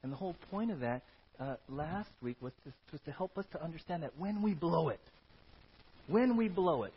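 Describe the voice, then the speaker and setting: A male pastor preaching a sermon in an animated way, often checking in with "right?", in a dull lo-fi recording. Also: a little high, moderate pace, breathy edge. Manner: animated, keeps asking "right?".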